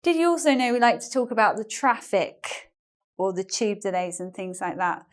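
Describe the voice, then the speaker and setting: A woman's voice: medium pitch, lively intonation, normal speed. A woman with a British English accent from England, teaching an online English lesson in a chatty way and explaining phrases with examples and asides.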